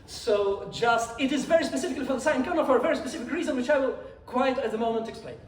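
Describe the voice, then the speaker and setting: A man's voice: very high-pitched, fast. A man giving a mathematics lecture at a conference, repeating key phrases for emphasis. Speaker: conference speaker. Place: lecture hall. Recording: echoey hall, mic far off, faint hum.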